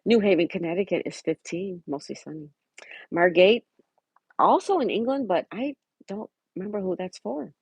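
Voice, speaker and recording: A woman's voice: mid-range voice, lively intonation, brisk, creaky, darkish tone, slightly rough, dry recording. A woman hosting a casual livestream, chatting and reading out viewers' messages and greeting them by name. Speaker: livestream host. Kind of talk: casual live-chat reading.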